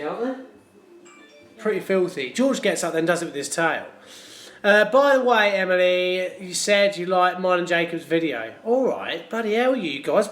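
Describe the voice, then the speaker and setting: A man's voice: sits high, fairly bright tone, roomy sound. A man, a plumber, chatting jokily with viewers on a live stream and reading out their comments. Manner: jokey, chatty, reads viewer comments aloud. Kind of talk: casual live-stream chat.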